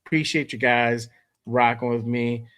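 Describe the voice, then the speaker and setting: A man hosting a fan livestream from home, hoarse from a cold, laid-back and greeting viewers by name. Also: mid-range voice, steady tone, unhurried, fairly bright tone. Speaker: host of a fan show. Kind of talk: casual livestream chat.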